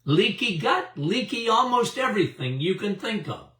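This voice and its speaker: The voice sits high with big pitch swings, pushed and bright, at a normal speed. It belongs to a man in his seventies, a doctor hosting an animated health talk to an audience, who speaks emphatically, repeats himself, and chuckles. A distant mic gives a roomy sound.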